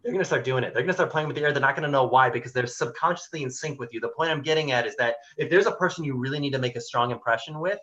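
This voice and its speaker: A man's voice: mid-range voice, very fast, few pauses, a bit bright, dull audio. A man hosting an online workshop, talking animatedly and acting out the people he quotes. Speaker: workshop host.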